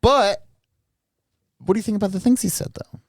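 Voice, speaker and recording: A man hosting a podcast, talking in blunt casual chat full of swearing and quick restarts. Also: sits high, no echo, clean studio sound. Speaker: podcast host.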